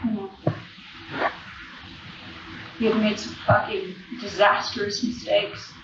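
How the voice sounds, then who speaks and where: A woman's voice: mid-range voice, flat delivery, slow, noisy background. A woman giving a raw, profane personal recovery testimony from a podium at a convention, with emotional swells in her voice. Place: large convention hall. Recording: echoey, distant, dull hall recording.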